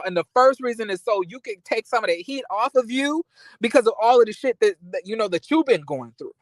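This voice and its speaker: Animated cussing man ranting. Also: sits high, no echo, poor audio. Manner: animated, outraged, quick rants with restarts. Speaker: reality TV recap commentator. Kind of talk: casual commentary with profanity.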